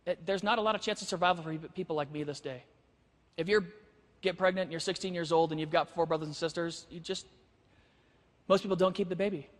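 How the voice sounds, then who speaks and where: Fast, animated male preacher in a hall. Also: a little high. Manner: animated, acts out dialogue. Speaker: speaker. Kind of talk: storytelling sermon.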